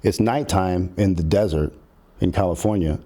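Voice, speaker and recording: Middle-aged man, lowish voice; animated, profane raconteur who acts out quotes. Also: moderate pace. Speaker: podcast guest, filmmaker. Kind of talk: casual storytelling.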